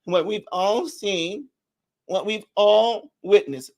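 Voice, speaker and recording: A man giving a heated, preachy political commentary vlog, rising at times to shouts. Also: high-pitched, takes it slowly. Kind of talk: ranting video commentary.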